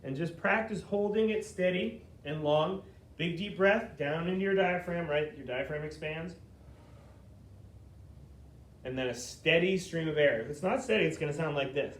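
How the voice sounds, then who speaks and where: Male flute teacher, slightly higher voice, patient and methodical, checks in a lot. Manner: patient, explains slowly, checks in with frequent "okay?". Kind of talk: step-by-step instrument lesson.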